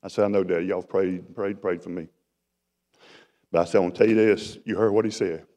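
A middle-aged man delivers a sermon testimony, his lowish voice rising loud and dropping to a hush as he tells the story. The sound rings with long reverb, like a large church hall. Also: fairly even intonation, a little fast. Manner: dramatic storytelling, swings from loud to hushed. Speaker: preacher.

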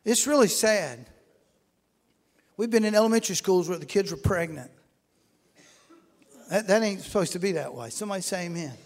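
A middle-aged man preaching a sermon with folksy storytelling, acting out shouting congregants as he goes. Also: sits high, animated, normal speed, pauses often.

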